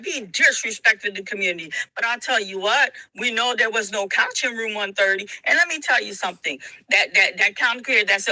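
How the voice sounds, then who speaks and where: A woman with a piercingly bright voice presses her point emotionally, repeating and tripping over her words. She, and the sound is dry and close-miked. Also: medium pitch, expressive, moderate pace, hardly any pauses, dry recording, rough recording. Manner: emphatic, repetitive, stumbling. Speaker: interview guest in played clip. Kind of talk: heated personal statement.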